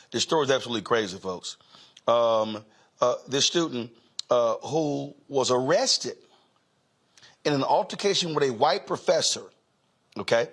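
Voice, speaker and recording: A man's voice: medium pitch, a bit bright, breathy edge. A middle-aged man hosting a news show, giving loose, emphatic commentary with many fillers.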